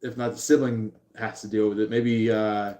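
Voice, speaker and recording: A man giving a live tarot reading, rambling and halting with many fillers. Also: on the low side, level tone, a little mellow. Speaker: tarot reader. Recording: roomy echo.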